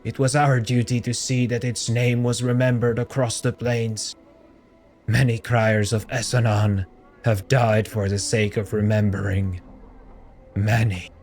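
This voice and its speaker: A grieving, dust-covered holy man with a parched, hoarse voice, read out by a man playing a game. He speaks slowly and solemnly, steeped in loss. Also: mid-range voice, little pitch movement, darkish tone, lightly acted. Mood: mournful. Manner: solemn and mournful. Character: weeping dust-covered holy man mourning a lost city.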